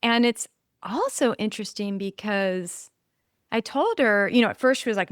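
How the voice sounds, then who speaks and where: A woman's voice: medium pitch, normal speed, dry recording, studio quality. A middle-aged woman hosting a podcast, chatting casually and animatedly, laughing easily. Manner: animated, laughing, acts out quotes. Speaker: podcast host. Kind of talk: casual chat.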